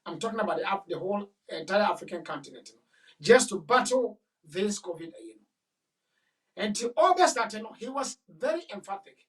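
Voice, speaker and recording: A woman's voice: medium pitch, lively intonation, fairly quick, recorded from a distance, poor audio. Ghanaian-accented female host, commentary, emphatic and repetitive, heard from a little way off the mic. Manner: emphatic, repetitive, switches into Twi. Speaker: show host. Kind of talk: talk show commentary.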